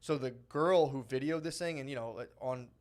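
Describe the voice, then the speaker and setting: A man's voice: medium pitch, normal speed. A man in his thirties co-hosting a casual comedy podcast, rambling through a story and acting out the quotes, laughing often. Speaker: podcast co-host.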